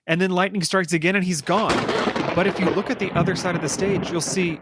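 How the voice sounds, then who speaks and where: A man's voice: sits high, fairly even intonation, brisk, very noisy. A man hosting a casual podcast, walking through a show concept with dramatic storytelling narration. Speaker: podcast host pitching a concept.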